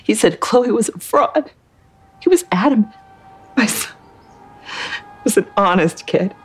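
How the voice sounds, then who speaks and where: An actress playing a grieving mother who speaks quietly and earnestly about her son. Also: medium pitch, expressive, measured pace, slightly rough, soft background music.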